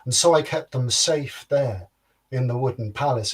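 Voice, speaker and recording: Husky male folktale storyteller. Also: medium pitch, moderate pace. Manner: lively, rhythmic storytelling with sound words. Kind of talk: livestreamed folktale telling.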